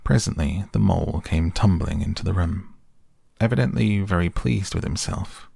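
A man narrates a children's classic in a measured, even way. His voice sits very low with gravelly fry and a husky edge, recorded dry and close. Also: no room sound. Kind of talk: storybook reading aloud.

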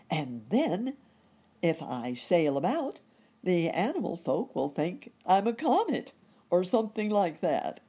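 A woman voicing a kindly old gentleman rabbit in a storybook, cheerful and exclaiming. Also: deep voice, breathy edge, full character voice.

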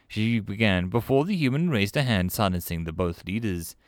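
A man narrating sci-fi short stories in an expressive, animated audiobook style. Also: fairly low pitch, normal speed, no room sound, clean studio sound.

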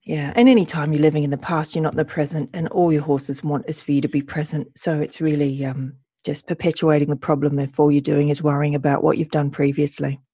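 A woman's voice: deep voice, level tone, a little fast, few pauses, warm tone, slightly rough, dry recording. A woman talking in a thoughtful, earnest way in casual conversation, sometimes acting out how animals react.

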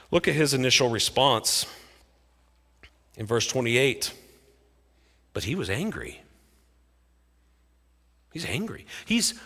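Bright, animated male preacher in a hall. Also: mid-range voice, vocal fry, breathy edge. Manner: expressive, dramatic storytelling with big swings in loudness. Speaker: pastor. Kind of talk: sermon. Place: church sanctuary. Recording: echoey hall reverb.

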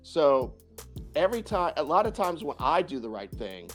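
Casting note: male dating coach, animated and profane, laughs easily, faint music underneath. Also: fairly high pitch, moderate pace. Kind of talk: podcast interview answers.

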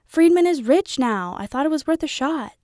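Audiobook: woman playing a gruff, agitated middle-aged dad, loud, snarling, pitched high. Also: expressive, normal speed, dry recording, clean studio sound. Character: gruff middle-aged father, restless and odd.

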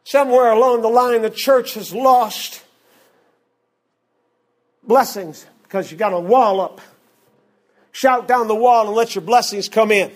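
An older man, a preacher, delivering a fervent sermon, often shouting and repeating his lines in rhythm. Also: high voice, a little slow, pauses often.

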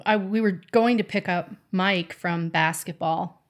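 Teasing middle-aged mom chatting. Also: female voice, lowish voice, unhurried. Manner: playful, teasing, laughs often. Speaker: podcast co-host, mother of the other host. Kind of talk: casual chat.

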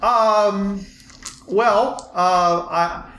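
Hesitant high-voiced male game master. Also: drawn-out words. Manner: hesitant, many fillers. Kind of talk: narrating a tabletop game. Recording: echoey room, background noise.

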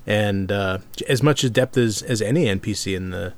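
A man's voice: lowish voice, moderate pace. A man in casual chat about tabletop role-playing, agreeable, chiming in often and laughing easily.

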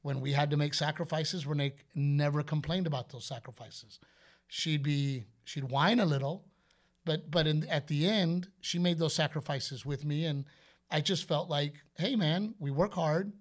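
A man's voice: on the high side, fairly even intonation, normal speed. A man, co-hosting a podcast and telling stories in a loose, chatty way. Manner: storytelling, loose and chatty with fillers. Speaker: podcast co-host. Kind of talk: casual chat.

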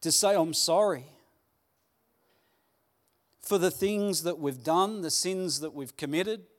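A man preaching a Sunday sermon, earnest and pleading, with dramatic pauses. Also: high voice. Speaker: pastor. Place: church hall.

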